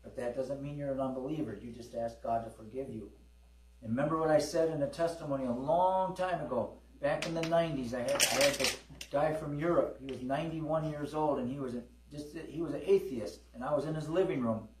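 A middle-aged pastor with a medium-pitched voice preaches fairly quickly in a church hall, telling personal testimony stories in a folksy way. He calls for amens, trading call-and-response with the congregation. The roomy hall is recorded on a distant mic with mains hum.

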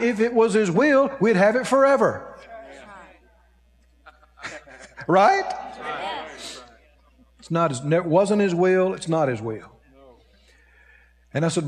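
A man preaching a sermon, telling a story and acting out the voices of the people in it. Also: high voice. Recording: long hall reverb.

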